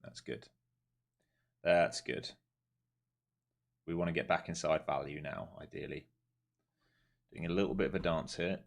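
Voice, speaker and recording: A man with a notably low, deep voice talks through his day trades live as the market moves. He keeps up a quick, running commentary from his trading desk. When a trade goes his way he bursts into loud, excited cheering and swearing. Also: gravelly. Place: home trading desk with several monitors.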